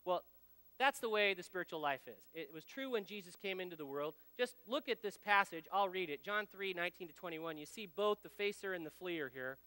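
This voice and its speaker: Male speaker, 30s-40s, high and crisp voice, anecdotal sermon style, long hall reverb. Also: expressive, brisk, bright, forceful tone. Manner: storytelling, folksy, speaks directly to the audience. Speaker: speaker at a men's ministry gathering. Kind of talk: conversational sermon with personal anecdotes.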